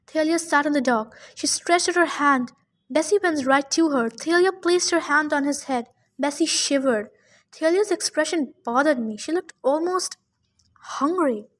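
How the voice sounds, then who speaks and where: A woman's voice: high voice, moderate pace, fairly bright tone. A woman hosting a podcast, reading a novel aloud in plain storytelling narration with small stumbles. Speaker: podcast reader.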